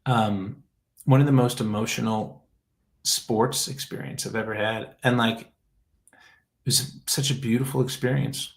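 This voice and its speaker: A man's voice: medium pitch, fairly even intonation, unhurried, creaky, poor audio. A man hosting a casual chat show, talking in a rambling, heartfelt way that trails off and restarts often.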